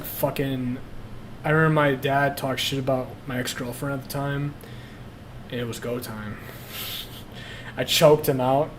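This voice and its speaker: Young male streamer, blunt and profane, casual confessional talk, faint noise behind. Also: medium pitch. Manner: blunt, profane, laughs at himself.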